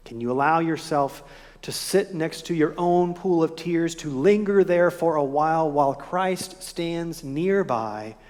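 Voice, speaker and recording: Reflective pastor preaching in a reverberant church. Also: male voice, fairly high pitch. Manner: gentle, reflective preaching with rhetorical questions. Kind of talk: sermon. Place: church sanctuary. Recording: long hall reverb.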